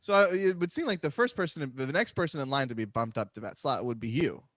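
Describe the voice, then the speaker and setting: A man's voice: mid-range voice, animated, quick pace, a bit bright, dry recording. A man hosting a live comedy podcast, joking and sarcastic, often trailing off into mumbles. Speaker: podcast host.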